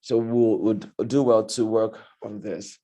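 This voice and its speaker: Slow, mellow Nigerian man giving feedback. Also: on the low side, steady tone. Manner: measured, deliberate, corrective. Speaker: language evaluator at a speaking club meeting. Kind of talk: meeting feedback report.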